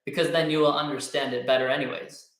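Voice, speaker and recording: A man's voice: on the high side, flat delivery, quick pace, a bit bright. A man co-hosting a live motivational talk, telling a personal story in a rambling way with many fillers and tag questions. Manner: rambling, lots of fillers and "right?". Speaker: co-host, coach. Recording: very echoey room.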